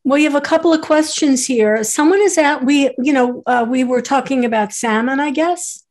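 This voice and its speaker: A woman's voice: high-pitched, moderate pace, darkish tone. A woman hosting a video-call cooking demo, upbeat and reading viewer questions. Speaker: host.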